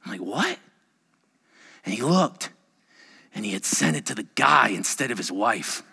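Animated bright-voiced man preaching. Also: on the low side, unhurried, gravelly, breathy edge. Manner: animated, acts out quotes in varied voices. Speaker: pastor. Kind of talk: sermon.

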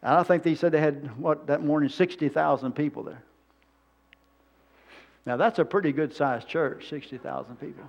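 A man's voice: on the high side, normal speed, gravelly. A man preaching a sermon, telling rambling stories in a folksy, plain-spoken way. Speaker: pastor. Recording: dull lo-fi sermon recording.

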